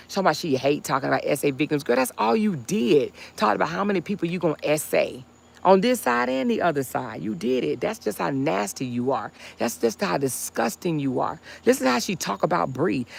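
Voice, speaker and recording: A woman's voice: fairly low pitch, animated, fairly quick, creaky. A woman hosting a casual livestream, talking bluntly and heatedly with chatty asides. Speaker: livestream host.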